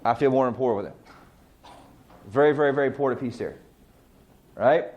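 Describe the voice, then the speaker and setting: Heard on dull audio, a middle-aged man with a mid-range voice briskly coaches a real estate training session. Rhetorical questions to the class come often, each one answered by him.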